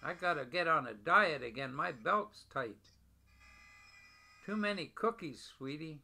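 An older man talking tenderly to his wife over a video call, gentle and affectionate, often repeating pet names. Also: on the high side, animated, a little slow.

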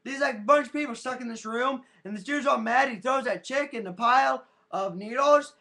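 A man's voice: very high-pitched, brisk, pushed and bright. A man rambling in a goofy, casual way into his webcam, with silly sound effects. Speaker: webcam vlogger. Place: at home in front of a webcam. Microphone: built-in webcam mic.

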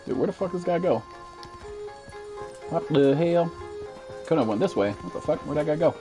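A man in his twenties, a streamer giving profane, excitable commentary while playing a shooter, jumping into high-pitched outbursts. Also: moderate pace, music in the background. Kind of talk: live gameplay commentary.

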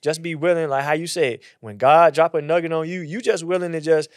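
A man who is a pastor, chatting about faith in a casual, animated way and acting out quotes in a higher voice. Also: brisk, no echo, clean studio sound. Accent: Southern US.

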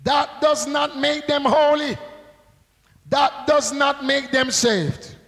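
High-voiced, gravelly man preaching slowly. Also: a bit bright, long reverb tail, rough recording. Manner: call-and-response preaching with rhetorical questions. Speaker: pastor. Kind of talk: sermon.

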